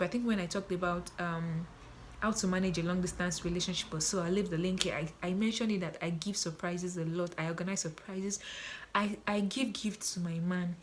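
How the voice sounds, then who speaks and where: A woman's voice: mid-range voice, slight background noise. Earnest woman repeating advice for emphasis. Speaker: relationship advice vlogger. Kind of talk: casual advice talk to camera.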